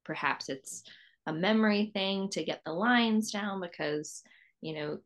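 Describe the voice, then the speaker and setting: A woman's voice: mid-range voice, a little slow. A woman hosting an interview, talking in a rambling, effusive way and repeating words as she thinks. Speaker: podcast host. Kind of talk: interview host, casual conversation.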